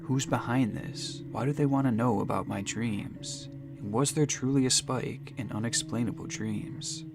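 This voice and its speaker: A man giving scripted, suspenseful mystery narration, measured and slowing down for dramatic phrases. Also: mid-range voice, vocal fry. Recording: narration over music.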